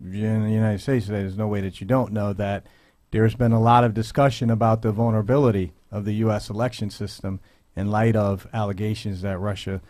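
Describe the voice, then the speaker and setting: A man hosting a radio talk show, speaking in a measured, earnest way with frequent pauses and "um"s. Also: fairly low pitch, level tone, a little mellow, no room sound. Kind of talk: radio commentary. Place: radio studio.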